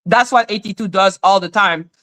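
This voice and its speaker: Canadian woman venting on a livestream, bright edgy voice, swears a lot, jumps up high when she mimics people. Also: moderate pace. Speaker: live stream host. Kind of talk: heated casual rant.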